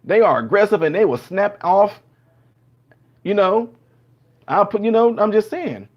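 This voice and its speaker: A man's voice: sits high, measured pace. A man hosting a show, talking casually and acting out conversations as he tells stories. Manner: animated storyteller acting out dialogues. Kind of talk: casual opinion monologue. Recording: dull lo-fi sound.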